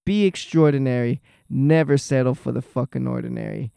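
A man giving a casual, excited, profane reaction to a fight, rambling and restarting his sentences as he talks. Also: medium pitch, normal speed, vocal fry, smooth, dry recording, studio quality. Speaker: vlogger.

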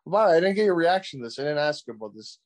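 An excitable man talks casually on a podcast, his voice sitting a bit higher than usual for a man. He swears freely and leans on filler words as he goes. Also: rapid-fire. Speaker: podcast co-host. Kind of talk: casual wrestling chat.

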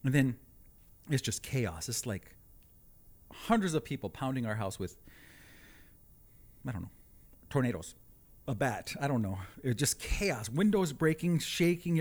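A man telling a comic personal story, animated with deadpan asides. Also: mid-range voice, normal speed, pauses often.

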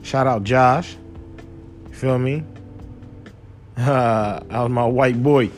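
A young man hosting a casual talk show, telling loose, profane stories in a relaxed way that breaks into loud, animated outbursts. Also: medium pitch, slow pace, soft background music. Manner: relaxed, laid-back while smoking. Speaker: podcast host. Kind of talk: casual storytelling monologue.

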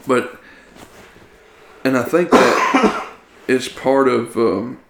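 A man talking casually about a film, quoting its lines in quick put-on voices. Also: medium pitch, lively intonation, fairly bright tone, slight background noise. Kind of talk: casual movie discussion. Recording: echoey room.

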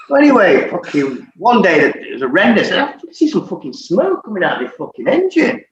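A man's voice: sits high, quick pace. Sweary man telling stories. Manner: sweary, laughing, animated storyteller. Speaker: former footballer guest. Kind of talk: casual storytelling chat. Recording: echoey, distant, dull audio with faint noise.

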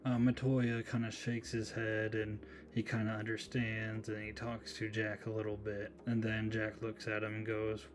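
Low, flat-voiced man hosting a podcast. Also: normal speed, hardly any pauses, faint music behind. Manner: casual, chatty retelling with asides. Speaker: podcast host. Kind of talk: solo horror movie recap podcast.

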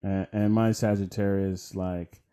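A man's voice: low-pitched, level tone, a little slow, warm tone, smooth. A young man co-hosting a podcast in casual chat, laid-back, laughing often and swearing freely. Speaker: podcast co-host.

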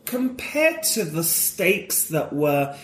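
A man's voice: on the high side, big pitch swings, slow, echoey room, a little hiss or hum. A man talking as a guest in a casual conversation, enthusiastic and opinionated, wandering off on tangents.

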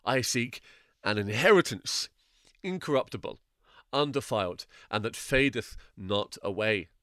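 An earnest pilgrim weighed down by his burden, pleading slowly in a low, solemn voice, as a male reader gives him life. The delivery is dry and close, unhurried and grave. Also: lively intonation, pushed and bright, no echo. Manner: solemn, archaic phrasing.

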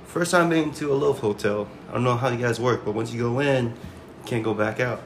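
A man's voice: mid-range voice, brisk. Brief: casual male podcast guest, laughing storyteller, light room noise. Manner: laughing, acts out quotes in raised voice.

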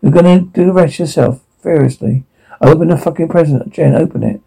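A taunting, obsessive security guard who gloats over his captive, his gravelly, husky voice sitting a little high, as a man acts him out. He mocks in a dark audio drama and snaps into bursts of rage. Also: fairly quick, low-quality recording. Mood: mocking. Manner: taunting, mocking, veers into rage. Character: menacing obsessive male security guard captor.

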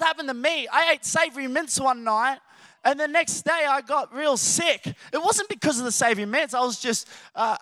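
A man's voice: very high-pitched, pushed and bright, dry recording. A man preaching a sermon, telling stories with playful, acted-out voices.

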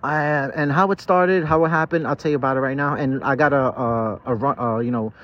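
A man's voice: mid-range voice, fairly even intonation, a little fast, a bit bright. A tipsy man hosting a podcast outdoors in a city park. He rambles through a casual, profane monologue, full of stammered restarts. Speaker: podcast host. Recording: dull lo-fi outdoor recording.

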